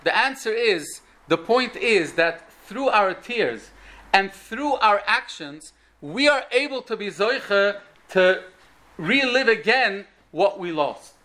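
Bright, high-voiced man giving a Torah talk. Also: slow. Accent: Orthodox Jewish English with Yiddish and Hebrew words. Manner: storytelling, animated, rising to emphatic peaks. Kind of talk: Torah lecture.

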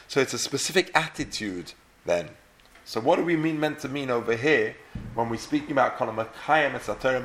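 A man's voice: mid-range voice, a bit bright. A man leading a Torah class who asks questions and then works through the answers. He says the Hebrew terms with an Ashkenazi pronunciation and lays out each point step by step. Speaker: Torah teacher. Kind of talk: Talmud class lecture.

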